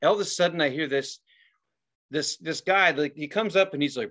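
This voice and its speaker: A man co-hosting a podcast, telling a story in a casual, profane and animated way and acting out the people in it. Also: a little high, a little fast. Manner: profane, animated, acts out quoted voices. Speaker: podcast co-host.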